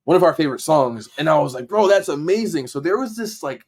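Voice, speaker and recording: Animated young man telling a story. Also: fairly high pitch, quick pace. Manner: animated, acts out what people said, swears casually. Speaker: podcast guest, dancer and editor. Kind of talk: casual storytelling.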